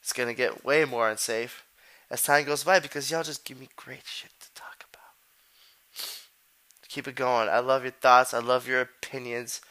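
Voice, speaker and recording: A man's voice: medium pitch, fairly even intonation, normal speed, pauses often, bright, forceful tone. A man hosting a podcast, talking in loose, profane street slang and rambling from one thought to the next. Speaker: podcast host. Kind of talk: casual chat.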